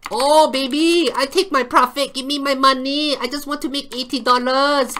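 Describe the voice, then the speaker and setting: A man's voice: extremely high pitch, steady tone, normal speed, slight background noise, voice pushed up. A man putting on a brash, gloating male trader. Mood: demanding. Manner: broken-English shouting at the market, gloating. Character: boastful greedy male day trader, brash and loud.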